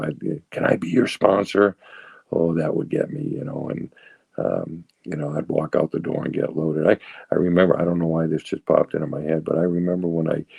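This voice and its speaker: Man in his sixties, deep gravelly voice, halting recovery testimony, dry close sound. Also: warm tone, no echo, poor audio. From Boston area, USA. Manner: halting, repeats words, self-deprecating humor. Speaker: guest sharing recovery story. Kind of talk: personal testimony.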